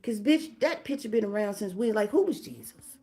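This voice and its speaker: A woman's voice: medium pitch, animated, fairly quick, dark tone. A young woman ranting bluntly and profanely on a casual livestream, firing off rhetorical questions while doing her hair.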